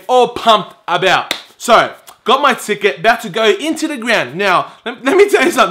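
A young man in his twenties tells a story straight to camera, loose and chatty, acting out each exchange with exasperated energy. His voice sits high for a man, with a bright, forward edge. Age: 20s. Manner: animated, exasperated, acts out quoted exchanges. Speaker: YouTuber telling a story.

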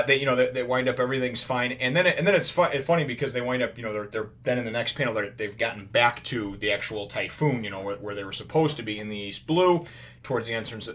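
A man's voice: mid-range voice, a bit bright. A man casually recapping a comic chapter as the show's host, rambling with lots of fillers and restarts and loosely paraphrasing the characters. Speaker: manga review host.

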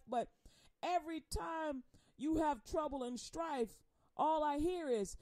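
A woman's voice: high-pitched, takes it slowly, warm tone, dry recording, clean studio sound. A woman performing spoken word poetry in a rhythmic, preaching delivery, speaking in the first person as Jesus with slangy, teasing confrontation.

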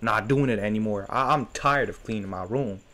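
A man's voice: lowish voice, moderate pace, pushed and bright. A man commentating a horror game let's play, joking and talking back to the characters on screen. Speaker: gaming streamer.

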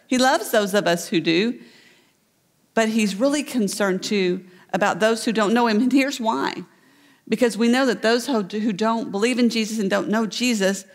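A woman pastor preaching a sermon, retelling a parable with animated storytelling. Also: medium pitch, long reverb tail. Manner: storytelling, voicing the characters in the parable. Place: church sanctuary.

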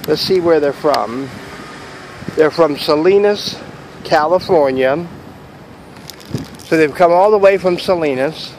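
A man's voice: on the high side, measured pace, pauses often, background noise. A man chatting casually to camera in a vlog outside a store, rambling and joking about deals. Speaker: vlogger.

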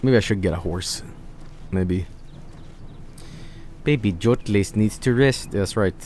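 Slow and low, with a darkish tone, a young man's voice comes through slight background noise as he streams a game late at night. Hay allergy has made his throat itchy, and he rambles sleepily, trailing off in casual gameplay talk.

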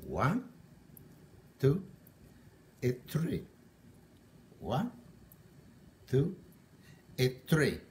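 A man's voice: medium pitch, wildly swooping pitch, very slow, long pauses, a little mellow, reverberant, a little hiss or hum. A man from Italy with an Italian accent, chatting cheerfully in broken English while he makes a drink on a live cooking stream. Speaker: home cook host.

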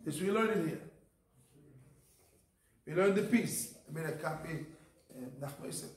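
A man's voice: a little high, measured pace, long pauses. A man, a rabbi, teaching a Torah class in an emphatic, repetitive manner, his English mixed with Hebrew terms. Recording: echoey room.

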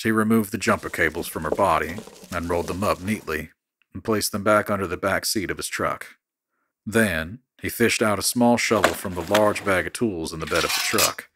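A man reading a dark horror story in a steady, measured narrating voice. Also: sits low, noisy background.

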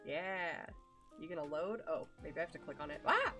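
A woman's voice: deep voice, expressive, normal speed, pushed and bright, soft background music. A young woman streaming live, chatting casually with her viewers in a gushing, affectionate way, full of ums and likes.

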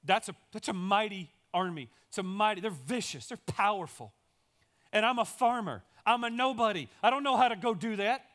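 Gideon, a humble farmer, protests in a rising, anxious voice that he is a nobody, as a man puts him on. His worry comes out loud and insistent. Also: sits high, normal speed, voice pushed up. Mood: fearful. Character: Gideon, humble farmer afraid of a mighty army.

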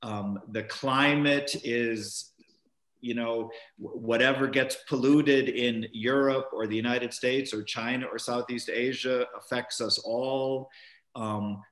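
A man's voice: mid-range voice, a bit bright. Hesitant male professor on a roomy call. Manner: hesitant, many fillers and restarts. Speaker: panel commentator, professor. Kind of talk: unscripted webinar remarks. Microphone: video call. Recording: roomy video-call audio.

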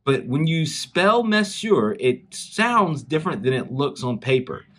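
Lively Southern man telling a story. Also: medium pitch, a little slow. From South Carolina, USA. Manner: animated storytelling, speaks directly to children. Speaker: chapel speaker for schoolchildren. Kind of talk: children's chapel talk.

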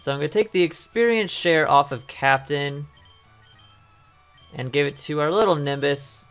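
A man commentating his own video game run in a casual, rambling way, often repeating himself as he thinks aloud. His voice is wearing thin and going hoarse. Faint game music sits behind him. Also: a little high, moderate pace, a bit bright. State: losing his voice. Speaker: let's play host.

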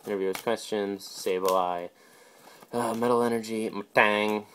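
A man casually opening a pack of trading cards on camera, calling out each card name in quick, offhand bursts. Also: lowish voice, steady tone, a bit bright, a little hiss or hum. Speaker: video host.

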